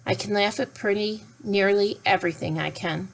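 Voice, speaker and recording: A woman's voice: mid-range voice, normal speed, creaky, low-quality recording. A woman voicing a cheerful, round, bald old uncle who talks in a jolly, apologetic way in a storybook reading.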